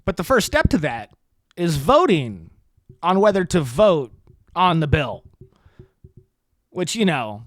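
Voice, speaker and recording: Brief: American male podcaster, sarcastic rambling rant, very animated pitch, dry close sound. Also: takes it slowly, long pauses, no room sound. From United States. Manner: sarcastic, rambling, self-mocking. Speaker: podcast host. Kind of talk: solo podcast monologue.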